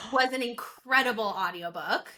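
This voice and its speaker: A woman co-hosting a podcast, talking casually and excitedly, often restarting her sentences. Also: on the high side, takes it slowly. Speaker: podcast co-host. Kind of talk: casual chat.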